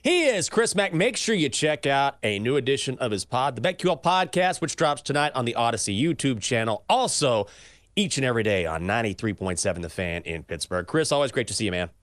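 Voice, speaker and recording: Animated male podcast host, dry sound. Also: medium pitch, a little fast, no echo. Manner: animated, teasing. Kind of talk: sports betting podcast banter.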